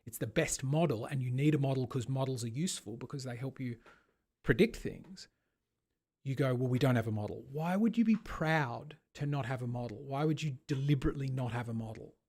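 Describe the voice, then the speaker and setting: A man's voice: mid-range voice, brisk, darkish tone, breathy edge. A man hosting a casual online debate, arguing in long, rambling runs of rhetorical questions. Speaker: host of an online discussion.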